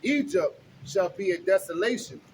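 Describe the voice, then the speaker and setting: A man reading scripture aloud in a slow, deliberate, declaiming way at a street preaching. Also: sits high, slight background noise, poor audio. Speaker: scripture reader.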